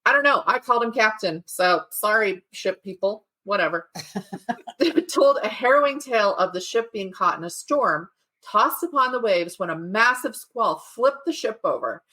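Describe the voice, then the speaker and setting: A woman's voice: medium pitch, expressive, normal speed, bright, forceful tone. A woman hosting a true-crime podcast, chatting and telling a case with laughing asides. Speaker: podcast host. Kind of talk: casual chat and true-crime storytelling.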